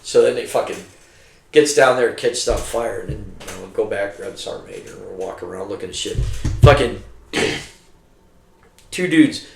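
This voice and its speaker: Over drinks, a middle-aged army veteran tells war stories in casual, heavily profane talk, animatedly acting out what people said. His voice is low-ish and creaky at a moderate pace with frequent pauses, and the recording has a roomy echo and slight background noise.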